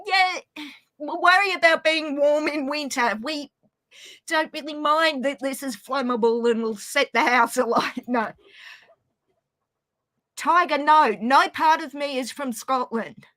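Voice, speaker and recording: A woman with an Australian accent, chatting casually as a guest on a stream, joking and quick to apologise. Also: sits high, fairly bright tone. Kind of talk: casual chat.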